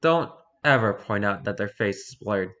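A man reading a rules-style horror story aloud for his channel, lively, with occasional stumbles and restarts. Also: on the low side, moderate pace. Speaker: YouTuber reading horror stories.

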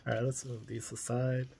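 A man with a gravelly edge to his mid-pitched voice talks through his collection. He is chatty and enthusiastic, rambling with plenty of fillers as he reviews toy cars for his viewers. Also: darkish tone. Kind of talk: casual video review.

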